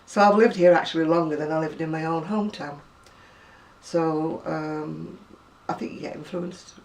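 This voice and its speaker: A woman's voice: deep voice, fairly even intonation, moderate pace, a little mellow, a little hiss or hum. Chatty Lancashire woman in her sixties. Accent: Lancashire, Oldham area, softened by years near Manchester. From Lancashire, England. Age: 60s. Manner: rambling and conversational, with asides and self-corrections. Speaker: home video blogger. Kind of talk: chatty video reply, reading a word list aloud. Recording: voice a little distant from the mic.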